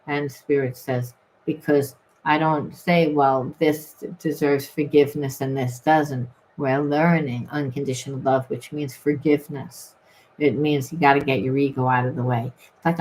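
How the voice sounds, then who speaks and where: A woman's voice: a bass voice, steady tone, a little slow, darkish tone, low-quality recording. A woman giving a rambling, emphatic spiritual reading, full of restarts and repeated phrases. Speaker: tarot reader.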